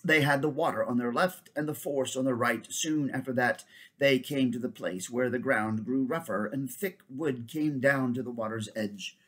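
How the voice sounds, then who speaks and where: A man reading a children's novel aloud, steady but with frequent restarts and slips. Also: mid-range voice, normal speed. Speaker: reader.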